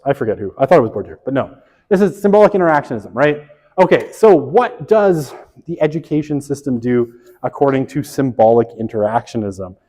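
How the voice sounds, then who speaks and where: A man's voice: fairly high pitch, warm tone. A middle-aged man giving a casual classroom lecture, peppering it with "right?" and correcting himself with wry asides. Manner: conversational, lots of "right?" tag questions. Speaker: college sociology instructor. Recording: long reverb of a lecture hall.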